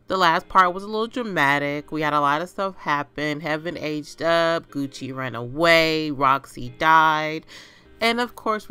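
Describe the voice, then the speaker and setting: A woman with a bright, clear voice hosts a let's play, reacting to the game with dramatic exclamations. She takes her time, speaking at an unhurried pace, with faint music playing underneath. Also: deep voice. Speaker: gaming channel host.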